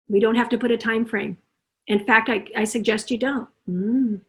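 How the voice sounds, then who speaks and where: A middle-aged woman, a parenting consultant, giving an animated summit talk over a video call and acting out parent and child voices. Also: a little high, moderate pace.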